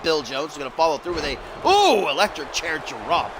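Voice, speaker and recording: A man giving live-stream play-by-play commentary on a wrestling video game, excitable and often rising to shouts on big moves. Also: a little high, moderate pace, crowd noise. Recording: clear background noise.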